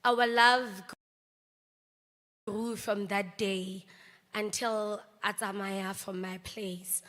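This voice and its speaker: Bright-voiced South African woman, hall reverb. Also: mid-range voice, fairly even intonation, very slow. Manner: anecdotal, mixes languages, laughs between stories. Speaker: actress giving a eulogy. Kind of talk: memorial eulogy speech. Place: large memorial hall.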